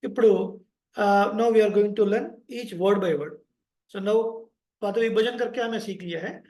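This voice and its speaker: A man with an Indian English accent leading an online sloka class, chanting slowly and explaining pronunciation with patience. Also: high voice, a little mellow, reverberant, poor audio. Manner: slow drawn-out chanting, patient spelling-out of sounds. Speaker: chanting teacher.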